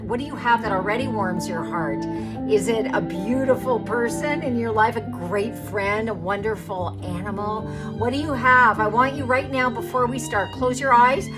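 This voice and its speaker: A middle-aged woman leading a live spiritual workshop session, coaxing and enthusiastic, with music playing behind her. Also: fairly high pitch. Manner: exuberant, coaxing, breaks into loud hoots. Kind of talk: live-streamed guided session.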